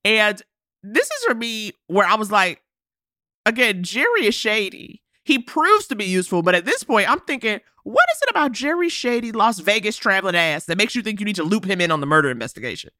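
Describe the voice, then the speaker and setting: A woman co-hosting a podcast recapping a movie. She talks with lots of pitch movement and a bright tone, laughing and acting out the characters. The sound is close and dry. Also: brisk, no echo. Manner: animated, laughing, acts out characters' lines. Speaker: podcast host. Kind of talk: casual movie recap chat.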